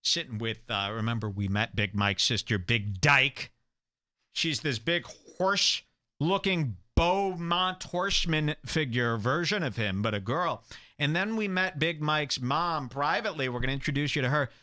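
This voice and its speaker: A man's voice: fairly high pitch, a little slow, pushed and bright, dry recording, studio quality. A man hosting a comedic talk show, ranting in a crude, mocking, gossipy manner. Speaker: radio show host.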